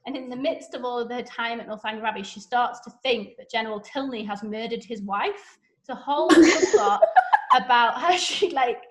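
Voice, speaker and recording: Woman, podcast guest, breezy gossipy plot recap, slightly high voice, lots of "like". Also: fairly quick, hardly any pauses. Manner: chatty, animated retelling with frequent "like". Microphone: podcast microphone.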